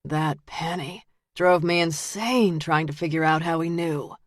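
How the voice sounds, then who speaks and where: A woman reading the lines of a calm, menacing male detective who turns out to be a killer, in a quiet, flat voice. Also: deep voice, measured pace, dry recording, clean studio sound. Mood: cold menace.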